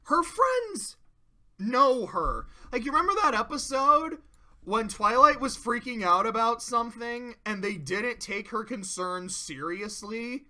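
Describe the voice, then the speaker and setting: A young adult reviewer giving casual spoken commentary, profane and excitable, ranting with sudden loud bursts. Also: mid-range voice, a little slow. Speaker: video reviewer.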